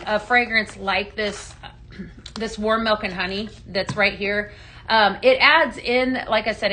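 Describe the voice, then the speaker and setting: Bright-voiced woman hosting a live sales stream. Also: on the high side, slight background noise. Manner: upbeat, chatty, greets commenters by name. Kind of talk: live selling stream, chatting with viewers.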